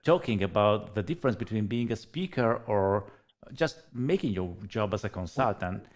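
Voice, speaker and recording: A man speaking English with an Italian accent, his first language Italian. His pitch swings widely as he chats, and he often stalls on fillers and restarts. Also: moderate pace. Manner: animated, hesitant with many fillers. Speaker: co-host. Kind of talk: casual livestream chat.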